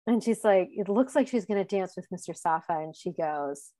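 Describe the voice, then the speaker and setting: A woman's voice: fairly low pitch, expressive, normal speed, warm tone, no room sound. A woman hosting a casual chat, recapping a show with frequent laughter and acted-out quotes. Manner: chatty, laughs often, acts out quotes. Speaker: podcast host recapping a dating show.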